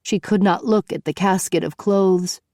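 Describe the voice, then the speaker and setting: A woman reading a novel aloud in a measured storytelling manner. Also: medium pitch, steady tone, darkish tone, dry recording, clean studio sound. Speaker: audiobook narrator. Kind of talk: scripted narration.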